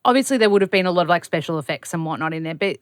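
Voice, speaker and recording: A woman's voice: lowish voice, animated, rapid-fire, clean tone, dry recording, clean studio sound. An Australian woman in her thirties hosting a podcast, chatty and enthusiastic as she interviews a guest. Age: 30s. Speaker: podcast host.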